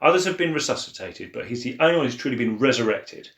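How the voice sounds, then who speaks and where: Animated man, echoey room. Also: fast talker. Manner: animated, acts out quotes with big pitch swings and laughs. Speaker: co-host of a church Bible podcast. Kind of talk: casual Bible discussion.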